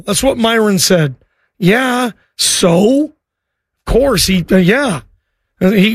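A man's voice: very high-pitched, fairly bright tone, no echo, clean studio sound. A man hosting a sports talk show, arguing emphatically and often repeating words. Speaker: sports radio host. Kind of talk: sports talk radio rant.

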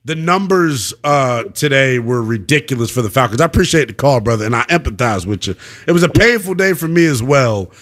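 A man's voice: mid-range voice, lively intonation, fairly quick, few pauses, fairly bright tone. A young man hosting a sports talk radio show, brash and slangy as he takes calls. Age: young adult.

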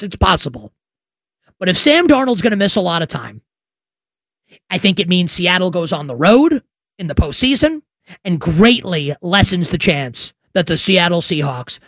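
A man hosts a sports talk radio show, his voice swinging widely in pitch as he rants with sarcasm and emphatic rhetorical questions. He is recorded close on a studio microphone in a dry, dead room. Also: fairly bright tone, no room sound.

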